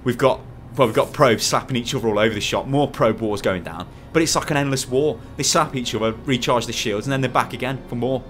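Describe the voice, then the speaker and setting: A man's voice: fast, few pauses, fairly bright tone, faint music behind. A man casting a strategy game match, joking around and laughing. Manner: jokey, bursts into laughter and high-pitched yelps. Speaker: esports commentator. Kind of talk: playful game commentary.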